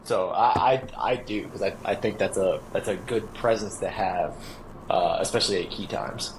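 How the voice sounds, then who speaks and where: A man's voice: low voice, moderate pace, a little hiss or hum, low-quality recording. A man co-hosting a podcast in casual chat, hesitant and agreeable, often giving short replies. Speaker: podcast co-host.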